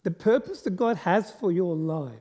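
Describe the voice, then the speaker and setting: With a high, animated and warm voice at normal speed, a man speaking as a guest preacher keeps his sermon conversational. He asks the congregation questions and cracks self-deprecating jokes, all under the long echo of a large hall.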